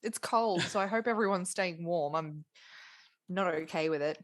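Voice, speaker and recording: A woman co-hosting a casual movie podcast, playful and quick to giggle. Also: fairly low pitch, no echo. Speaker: podcast co-host. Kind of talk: casual chat.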